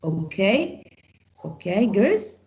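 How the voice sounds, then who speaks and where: A woman's voice: mid-range voice, very animated, drawn-out words, darkish tone, poor audio. A woman with an Egyptian accent teaching an online grammar class, often repeating and restarting her phrases as she explains.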